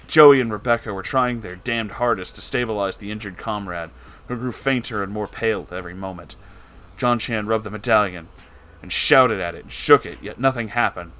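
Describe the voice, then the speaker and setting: This is a theatrical storybook reading by a man whose voice sits on the low side with a fairly bright tone. He performs the characters with their own voices while telling the tale.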